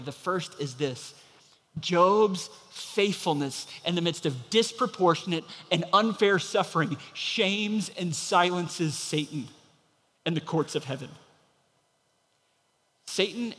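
A man's voice: a little high, a bit bright, long reverb tail. A man preaching a sermon as pastor, telling a story and acting out the voices of the people in it.

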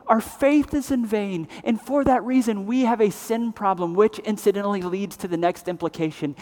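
A man preaching a sermon as pastor, swinging between loud emphatic passages and hushed, grave ones. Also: high voice, normal speed, few pauses. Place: church sanctuary. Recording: long reverb of a large hall.

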